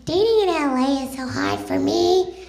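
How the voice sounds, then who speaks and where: A woman's voice: sits high, lively intonation, moderate pace, darkish tone, pitched above the performer's own voice. A woman voicing a whiny young woman who complains about dating in a self-pitying tone. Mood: whining. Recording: roomy club sound.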